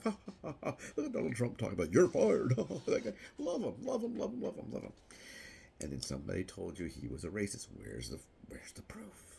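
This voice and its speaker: A middle-aged man giving a rambling political vlog monologue, mocking and laughing at his own jokes, breaking into shrill squeals. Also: vocal fry, mellow, a little hiss or hum. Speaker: vlogger.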